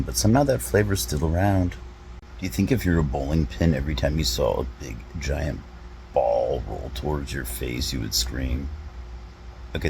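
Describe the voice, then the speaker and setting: Man, extremely low voice, deadpan comedy monologue, rambling questions, faint background noise. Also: rough recording. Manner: rambling rhetorical questions, drawn-out pauses. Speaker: comedy vlogger.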